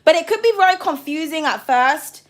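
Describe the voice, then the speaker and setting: A woman reading tarot cards on a livestream, bubbly and excitable, swearing casually and calling viewers darling. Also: high voice, a little fast.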